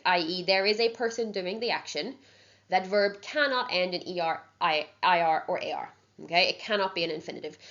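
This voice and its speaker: The recording is dull and lo-fi. A woman with a medium-pitched, slightly bright voice teaches Spanish for an exam, walking through each step patiently and saying "okay" frequently to check in.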